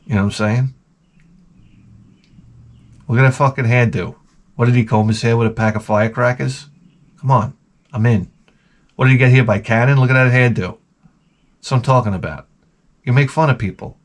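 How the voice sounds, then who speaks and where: A middle-aged man hosting a show, ranting in a crude, rambling comic style with lots of swearing, often jumping into high mocking voices. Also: moderate pace, pauses often. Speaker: podcast host. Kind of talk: crude comedic rant.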